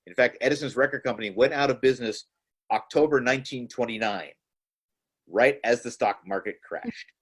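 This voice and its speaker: A man's voice: mid-range voice, fairly quick, breathy edge. A middle-aged man, a film archivist, giving an informal, chatty lecture with small hesitations. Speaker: film archivist presenting early films.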